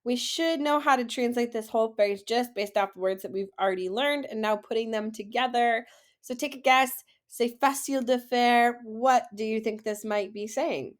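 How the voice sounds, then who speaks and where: A woman with a slightly high voice teaches French in a video lesson. She says each word slowly so students can repeat it, then praises them in an encouraging way. Her delivery is patient and classroom-like. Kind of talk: classroom lesson, slow model pronunciation.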